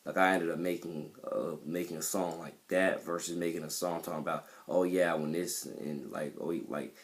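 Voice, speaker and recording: Super deep voiced guy rambling about his songs, lots of ums and restarts, sure of himself. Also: fairly even intonation, normal speed. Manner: rambling, repeats himself, many fillers; self-assured about his music. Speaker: independent rapper. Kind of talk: casual monologue to camera.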